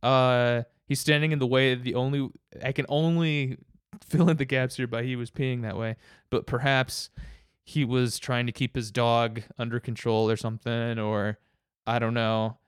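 A man's voice: medium pitch, little pitch movement, moderate pace, clear, resonant tone, no room sound, studio quality. A man telling a rambling story in casual chat, with many restarts and frequent laughs.

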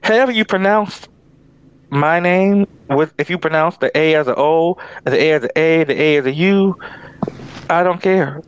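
Young male podcast co-host, a touch high-voiced, sassy and animated, with faint background hiss. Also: moderate pace. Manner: animated storyteller, sassy asides. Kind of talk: casual chat.

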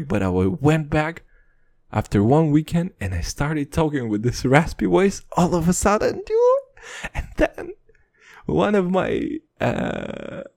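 A man's voice: a little high, no echo. A man rambling through profane stories in a casual late-night monologue, laughing now and then. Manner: animated, laughing between lines. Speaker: vlogger.

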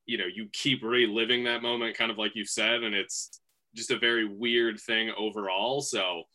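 A podcast co-host chatting casually, hesitant and full of filler words. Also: male voice, fairly low pitch, flat delivery, moderate pace, pushed and bright. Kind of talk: casual chat.

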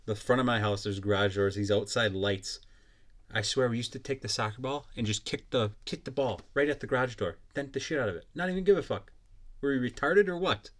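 A man's voice: mid-range voice, a little fast. A young man hosting a podcast, ranting in a blunt, profane and mocking way. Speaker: podcast host. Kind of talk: casual solo podcast rant.

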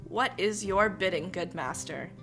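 Woman doing a calm, wise winged steed. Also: mid-range voice, unhurried, faint music behind. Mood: reassuring. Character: loyal magical winged horse, calm and wise.

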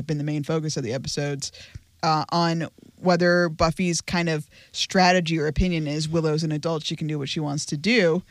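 A man's voice: high voice, fairly bright tone, no echo. A man hosting a casual podcast chat, asking questions and swearing casually. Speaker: podcast host.

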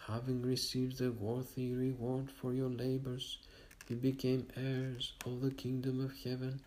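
Man, liturgical reader, flat one-note recitation, middle pitch, steady prayer reading. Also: unhurried, slight background noise, rough recording. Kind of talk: reciting Orthodox morning prayers.

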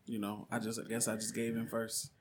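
A man talking in a casual chat, laid-back and quick. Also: fairly low pitch, monotone, a crowd in the background. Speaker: guest.

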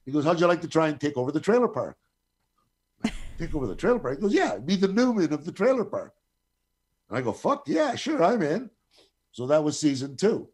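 Brisk but pausing often, this middle-aged man has a fairly high, slightly rough voice. As a guest storyteller in casual conversation he relates a long anecdote, cursing freely and performing the other people's lines with animation.

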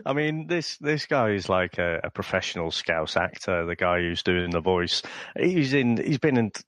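Northern English male co-host, relaxed and measured, lowish voice, dry close recording. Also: no room sound. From North West England. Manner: easygoing and measured, with small hesitations. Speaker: podcast co-host. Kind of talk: casual film review chat.

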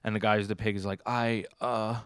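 A young man with a fairly low voice talks through a comic chapter on a podcast. He rambles loosely and keeps correcting himself. His voice sounds dry and close, with no room sound. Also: completely flat delivery, very fast, fairly bright tone, clear, resonant tone, dry recording. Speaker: podcast co-host. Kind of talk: casual chat recapping comics.

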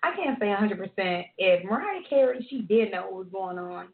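A woman co-host chatting on a podcast, blunt, loud-mouthed and profane, laughing through her stories. Her voice comes over a thin, phone-like line and bounces around an echoey room. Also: medium pitch, lively intonation, brisk. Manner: brash, profane, laughing storyteller. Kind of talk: casual chat.

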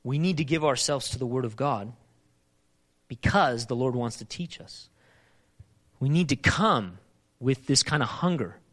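A man preaching a sermon, asking emphatic repeated questions and moving between urgent loud passages and quieter reflective talk. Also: mid-range voice, lively intonation, measured pace, long pauses. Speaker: pastor.

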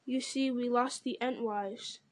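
Treebeard, an ancient slow tree-giant, read by a woman. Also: fairly high pitch, fairly even intonation, no echo, natural voice. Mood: solemn. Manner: slow, solemn, deliberate.

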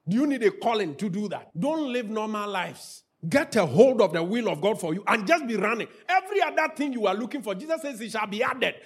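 High gravelly impassioned male preacher. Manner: impassioned preaching, rising to shouts, then repetitive prayer chanting. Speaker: pastor. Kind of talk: sermon.

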